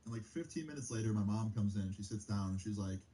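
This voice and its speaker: A man's voice: on the low side, fast, warm tone, low-quality recording. A young man telling a personal story in a heated, casual way, swearing freely. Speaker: streamer.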